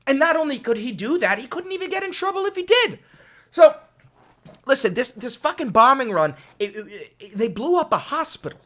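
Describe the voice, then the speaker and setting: A male commentator reacts with passion, swinging between yelling and quiet talk into a desk mic. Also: extremely high pitch, big pitch swings, fairly quick. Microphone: desk microphone.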